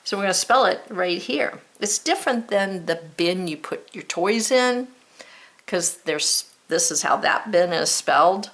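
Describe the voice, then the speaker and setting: A woman's voice: lowish voice, animated, unhurried, a bit bright. An American woman teaching a spelling lesson, patiently sounding out words and spelling them letter by letter.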